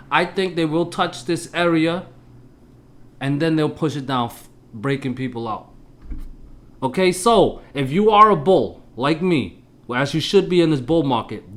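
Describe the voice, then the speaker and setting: A man's voice: a little high, a bit bright. A man giving a casual stock chart analysis, talking straight to his viewers in an emphatic, punchy way. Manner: punchy, with exclamations. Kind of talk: casual market analysis talk.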